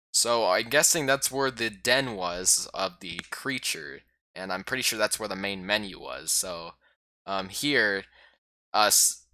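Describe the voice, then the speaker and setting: A man casually recapping a game he played as a YouTuber, rambling and excitable with lots of fillers. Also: lowish voice, clear, resonant tone, no room sound.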